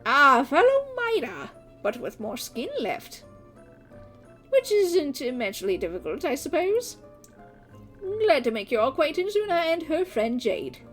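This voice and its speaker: A pompous old skeleton gentleman, played by a woman, who speaks with drawn-out formality and a lively, sweeping lilt. His voice sits fairly high. Faint music plays behind him. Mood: polite. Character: talkative old male skeleton, courtly and sly. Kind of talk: fan voice acting of a game.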